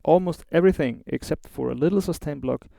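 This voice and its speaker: A man's voice: a little high, a little fast, creaky, dark tone, dry recording. A man with a German accent hosting a casual guitar review, chatty and informal with small asides. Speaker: host of a guitar review show.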